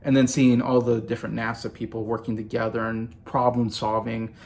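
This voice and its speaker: Male vlogger, forties, gushing movie fan, casual monologue with a touch of vocal fry. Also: medium pitch, level tone, a little fast, a little mellow. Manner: gushing, enthusiastic.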